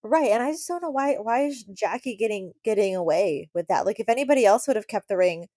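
A woman co-host in a loose, casual chat, rambling indignantly and restarting her sentences. Her voice sits at a middle pitch and is recorded dry, with no room sound. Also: lively intonation, brisk, mellow, dry recording. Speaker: podcast co-host.

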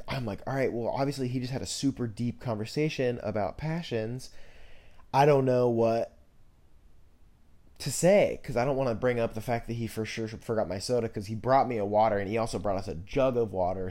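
A man in his twenties hosting a podcast, telling rambling, jokey stories in a casual monologue full of fillers, jumping into high voices to quote people. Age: 20s. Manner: animated, jumps into high voices when quoting others. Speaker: podcast host.

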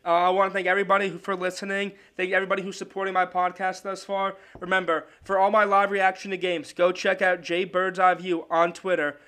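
A man's voice: sits high, completely flat delivery, brisk, few pauses, pushed and bright. A man hosting his own sports podcast solo, talking in a loose, chatty way with restarts.

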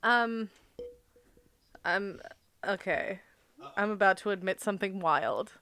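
A woman's voice: medium pitch, takes it slowly, pushed and bright. A young woman co-hosting a podcast, talking in an emotional, giggly way with lots of fillers about a movie. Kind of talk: casual movie discussion.

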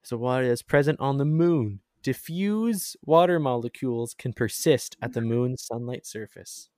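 A man's voice: mid-range voice, expressive, normal speed, a little mellow, dry recording. Brief: chatty male host, mid-range voice, rambling and laughing, dry close sound. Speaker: podcast host. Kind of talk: casual chat.

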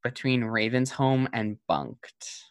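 A man's voice: mid-range voice, very animated, slow, smooth, no room sound. A young man hosting a casual podcast chat, hedging and filling with "like" as he talks. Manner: chatty, filler-heavy, hedging with "like". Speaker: podcast host.

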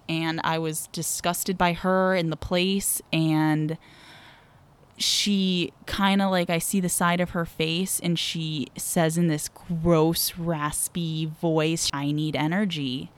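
A woman's voice: lowish voice, steady tone, slow pace, clear, resonant tone. A woman guest on a podcast, telling a personal story frankly and vividly, holding nothing back.

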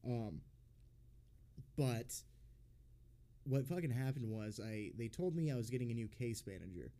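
A young man talks through a story in a loose, rambling way, packed with swearing and fillers. He is a podcast host chatting with friends, and his voice sits at an ordinary middle pitch. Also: lively intonation, unhurried, dark tone. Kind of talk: casual chat.

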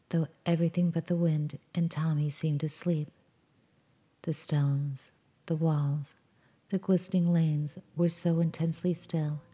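A woman reading a children's story aloud in a calm, measured storybook style. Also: sits low.

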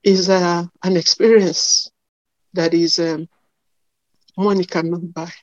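A tearful woman giving a halting, emotional testimony with many pauses and fillers. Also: lowish voice, fairly even intonation, no room sound. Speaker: testimony giver. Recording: dull dry lo-fi sound.

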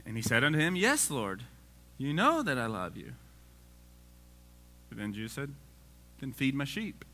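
A man's voice: medium pitch, big pitch swings, moderate pace, pushed and bright, soft background music. A man preaching a casual sermon, reading scripture aloud and joking with the congregation.

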